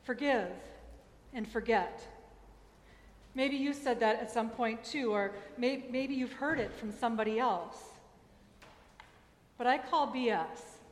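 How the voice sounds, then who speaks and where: A woman's voice: fairly high pitch, slow pace, long pauses, slight background noise. Woman preaching in an echoey church. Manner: candid, personal storytelling with emphatic asides. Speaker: pastor. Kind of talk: sermon. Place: church sanctuary.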